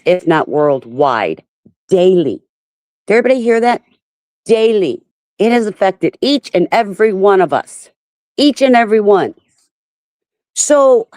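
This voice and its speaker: A woman's voice: medium pitch, a little mellow, no room sound. A woman hosting a casual livestream, talking in an upset, rambling way and greeting her viewers by name. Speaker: livestream host. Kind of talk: casual live-stream talk to viewers.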